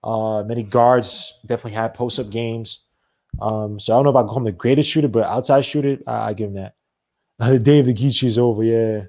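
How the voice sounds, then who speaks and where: A man hosting a sports podcast, ranting in a rambling, animated way with many restarts. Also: mid-range voice, brisk. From not from the American South. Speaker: podcast host. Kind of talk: casual solo sports talk.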